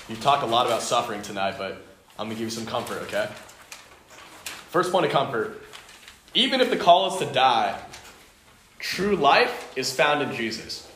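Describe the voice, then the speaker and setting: A man's voice: medium pitch, lively intonation, normal speed, pauses often, fairly bright tone. A man preaching to a youth fellowship in an earnest, emphatic style, piling up short phrases and repeating them. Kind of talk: sermon. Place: indoor home fellowship meeting. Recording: echoey room, faint noise.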